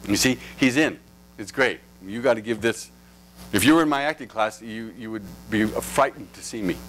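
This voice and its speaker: A man's voice: mid-range voice, fairly bright tone, a little hiss or hum, low-quality recording. A man coaching actors in a live acting workshop, playful, coaxing and freely profane as he talks to performers and the audience. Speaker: acting teacher.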